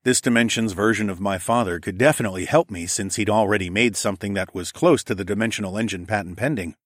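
Deep-voiced man narrating an audiobook. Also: fast talker, no room sound. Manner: wry, dry, muttering asides. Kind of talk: first-person audiobook narration.

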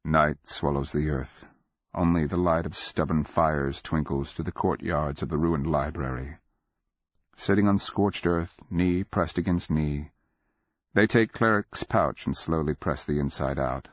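Low slow guy reading a fantasy book, dry close sound, bit muffled. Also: dry recording. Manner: measured, deliberate, dramatic. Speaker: audiobook narrator. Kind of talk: scripted literary narration. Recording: slightly muffled dry recording.

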